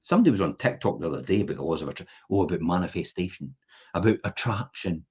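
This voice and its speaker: Animated husky man telling stories. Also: deep voice, fast. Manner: animated storyteller acting out voices in anecdotes. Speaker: podcast host. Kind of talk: casual chat. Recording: dull lo-fi podcast audio.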